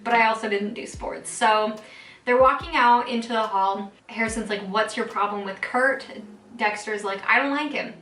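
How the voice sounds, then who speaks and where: Bright-voiced young woman chatting a TV recap. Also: mid-range voice, fairly even intonation, moderate pace, roomy sound, distant mic, low-quality recording. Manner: chatty, filler-heavy retelling with quoted lines. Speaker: TV recap vlogger. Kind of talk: casual TV episode recap.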